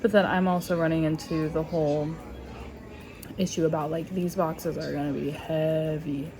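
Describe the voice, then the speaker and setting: A young adult woman and stay-at-home mom, chatting casually while driving and thinking out loud with lots of filler words. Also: sits low, fairly even intonation, normal speed, crowd noise. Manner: rambling, talks through her thoughts with many "like"s. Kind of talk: casual chat.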